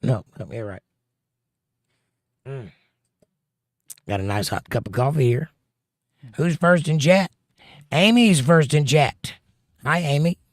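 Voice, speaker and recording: A man's voice: on the high side, expressive, dry recording, clean studio sound. A man hosting a casual livestream, reading out viewer comments with a chatty, joking manner. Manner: jokey, chatty, quick to pun. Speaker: livestream host.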